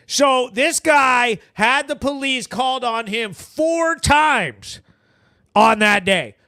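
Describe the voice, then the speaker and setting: High-voiced, bright, profane male host. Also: dry recording. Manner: animated, swearing, talks to viewers as bro. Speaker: news show host. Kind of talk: casual profane recap commentary.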